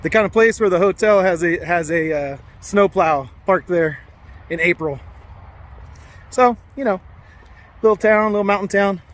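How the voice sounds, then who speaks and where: A man's voice: high voice, moderate pace, long pauses, a bit bright. A man vlogging casually to camera as he walks around a small mountain town, joking and rambling with lots of fillers. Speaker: trucking vlogger. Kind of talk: casual vlog chat to camera.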